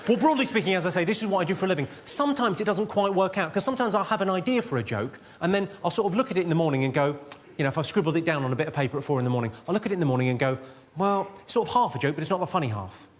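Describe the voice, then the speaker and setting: Deadpan high-voiced comic. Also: male voice, very fast, hardly any pauses, slight background noise. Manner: deadpan, crude one-liners, teasing the audience. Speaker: stand-up comedian. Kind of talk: stand-up routine. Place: live theatre stage before a laughing audience. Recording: loud audience laughter behind.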